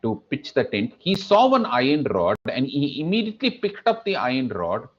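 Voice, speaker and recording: Animated Indian English man telling a story. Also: medium pitch, normal speed. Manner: animated storyteller, acts out quoted voices. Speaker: speaker at a student induction program. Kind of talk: storytelling lecture. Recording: dull lo-fi recording.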